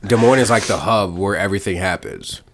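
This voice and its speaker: A young man from Iowa, a guest on a podcast, talking in casual chat with halting repeated words that often trail off softly. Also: low-pitched.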